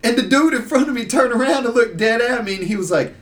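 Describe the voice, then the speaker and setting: Casual guest, male, higher voice, slightly off-mic, tells long stories with lots of "um, uh". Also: quick pace, few pauses, recorded from a distance, slight background noise. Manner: rambling, animated storytelling with lots of fillers. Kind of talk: casual storytelling.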